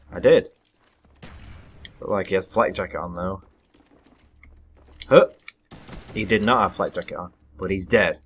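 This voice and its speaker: A young man giving live commentary over his own gameplay, excitable and self-deprecating, breaking into sudden loud yelps. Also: lowish voice, a little hiss or hum. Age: young adult. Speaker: gaming commentator.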